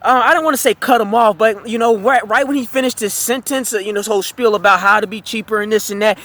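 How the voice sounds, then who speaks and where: A man's voice: high voice, fairly even intonation, fast talker, a bit bright. A man telling a storytime tale as a heated, profane rant, rambling with fillers and restarts.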